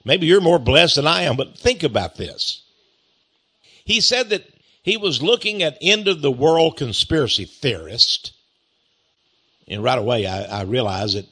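A man's voice: mid-range voice, bright, forceful tone, slightly rough. A man with an East Texas accent, hosting a talk monologue, reading a critical article aloud and mocking it with sarcastic, chuckling remarks. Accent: Texan. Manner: chuckling, drawling, sarcastic, repeats phrases with mock pride. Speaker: host.

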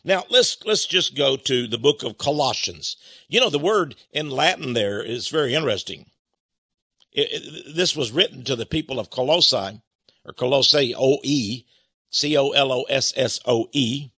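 A man with a Texan accent preaching a sermon in a folksy way, slowing down to stress key phrases. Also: medium pitch, expressive, fairly bright tone, breathy edge, no room sound. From Texas. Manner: folksy, varies pace, slows for emphasis.

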